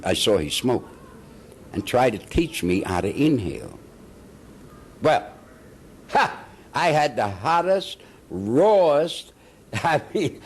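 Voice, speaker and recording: An older man, a veteran actor being interviewed, telling stories in an animated way, chuckling and acting out the people he quotes. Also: medium pitch. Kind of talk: anecdotal storytelling.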